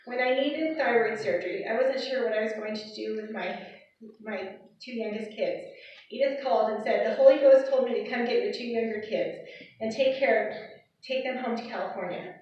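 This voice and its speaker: A woman's voice: on the high side, moderate pace, a little hiss or hum. Woman reading a eulogy in an echoey hall. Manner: steady, read from a script, with light laughs. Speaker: daughter giving a eulogy. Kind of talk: prepared eulogy read aloud. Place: funeral service hall. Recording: echoey hall, far from the mic, dull.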